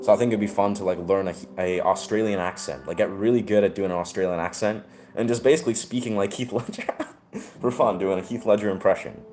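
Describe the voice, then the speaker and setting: A man with a very deep, low voice talks casually to the camera in a relaxed, meandering way. He trails off and hunts for words as he goes. Faint piano music plays quietly behind him. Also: fast. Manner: rambling, laid-back, searching for words.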